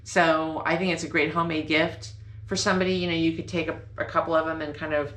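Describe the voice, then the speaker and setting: Talking fast in a low-pitched, slightly bright voice with fairly even intonation, a woman hosts a casual sewing vlog from her home sewing room. She's bubbly and rambling and often corrects herself. Slight background noise and faint ambience fill the echoey room.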